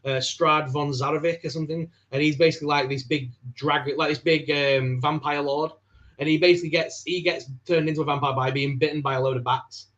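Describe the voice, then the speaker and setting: A man's voice: a little high, fairly even intonation, brisk, a bit bright, dull audio. A man co-hosting a casual live-stream chat, rambling with lots of fillers. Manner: rambling, many fillers and restarts. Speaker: co-host, toy reviewer. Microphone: video call.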